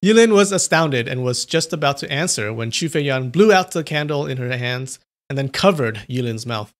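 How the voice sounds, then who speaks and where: A man's voice: medium pitch, expressive, normal speed. A man reading a novel aloud on a live stream, stopping to chat about viewers' comments. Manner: chatty, reacts to viewers' comments.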